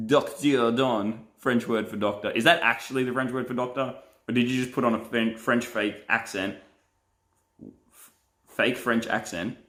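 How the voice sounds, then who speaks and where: A man's voice: medium pitch, a bit bright. A young man, a pastor and live streamer, chatting casually and playfully as he reads viewer comments and laughs often.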